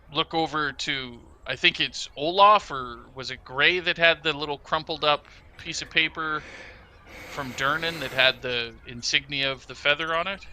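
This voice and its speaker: A man's voice: a little high, pushed and bright, a little hiss or hum. A man playing a tabletop game, talking politely and a bit hesitantly, with fillers. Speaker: player. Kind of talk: tabletop game play, in and out of character.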